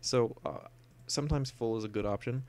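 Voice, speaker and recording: A man's voice: medium pitch, normal speed, a little mellow. A young man talking casually through a photo editing tutorial, explaining each step with plenty of "uh" and "um". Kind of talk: screen-recorded software tutorial.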